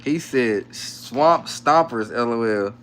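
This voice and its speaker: A man's voice: medium pitch, lively intonation, takes it slowly, a bit bright, slight background noise. A young adult man casually chatting on a live stream from home, reading comments aloud with laid-back, slangy banter and frequent laughs. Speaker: livestream host. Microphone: phone.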